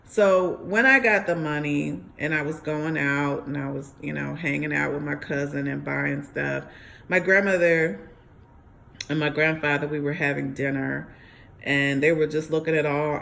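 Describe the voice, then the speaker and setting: Young woman rambling thru her own story, lots of "you know", bit of fry in the voice. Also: deep voice, steady tone, normal speed, fairly bright tone, a little hiss or hum. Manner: rambling, many fillers and restarts. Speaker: ex-member sharing her story. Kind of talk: personal storytelling monologue.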